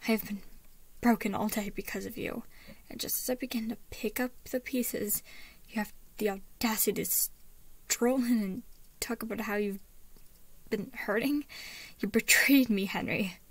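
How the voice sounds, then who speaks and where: A woman's voice: mid-range voice, normal speed, long pauses, slightly rough, no echo. A woman reading as a bitter, hurt young woman scientist.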